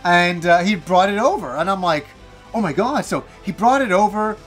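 A man in his forties, a gaming channel host, telling a casual story in an animated, self-mocking way with some swearing. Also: high voice, moderate pace, soft background music.

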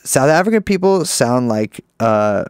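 A young man co-hosting a podcast, rambling and swearing, often cutting himself off, with big jumps in pitch. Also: very animated, a little slow, darkish tone, clear, resonant tone, no echo, clean studio sound. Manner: rambling, swearing, self-interrupting with wide pitch swings. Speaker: podcast co-host. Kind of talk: casual podcast chat.

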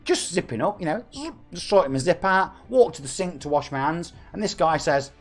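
A man's voice: on the high side, fairly quick, faint music behind. A man, chatting and joking with viewers as a game streamer. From England. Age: 40s. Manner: chatty, jokey, reads out viewer messages. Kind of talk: live-stream chat with viewers.

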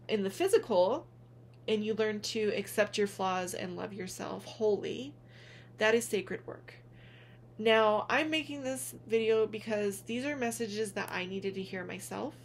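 Gentle earnest woman vlogger. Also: medium pitch, a little hiss or hum. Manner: gentle, earnest, calls listeners "honey". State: tearful at moments. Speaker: spiritual vlogger, reader. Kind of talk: heartfelt direct-to-camera vlog.

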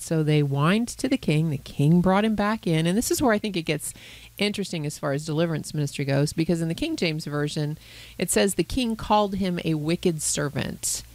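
A woman, a Christian counselor co-hosting a podcast, retelling a Bible parable in a lively storytelling way. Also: deep voice, fairly quick, dry recording, poor audio. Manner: animated storyteller who voices characters. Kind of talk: conversational Bible teaching.

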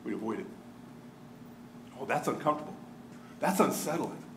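A male pastor giving a sermon in a church, animated and humorous, with playful asides. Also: mid-range voice, normal speed, reverberant, slight background noise. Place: church sanctuary.

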